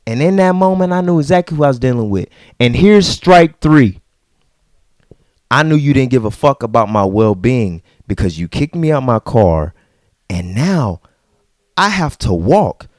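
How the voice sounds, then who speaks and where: A man hosting a podcast, telling a story in a casual, animated and profane way and acting out the people in it. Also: medium pitch, moderate pace, dry recording, clean studio sound. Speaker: podcast host.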